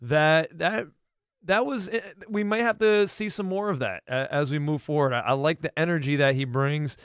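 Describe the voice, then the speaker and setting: Smooth-voiced excited male podcast host. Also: on the high side, moderate pace, no echo, clean studio sound. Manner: enthusiastic, excited fan talk. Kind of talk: casual sports chat.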